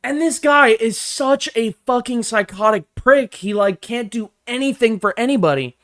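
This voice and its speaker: A young man telling a workplace story in a casual, profane, animated rant, swinging between low mutters and loud bursts. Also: moderate pace. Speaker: vlogger.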